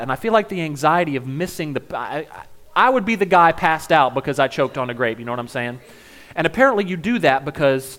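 Man with a comic, animated delivery. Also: a little high. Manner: joking asides, animated and playful. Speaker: comedic speaker. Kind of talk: comedic monologue.

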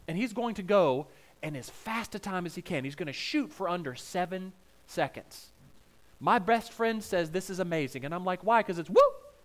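A man's voice: sits high, fairly bright tone. A man with a Southern American accent preaching a sermon in a folksy, humorous storytelling way, joking with the congregation.

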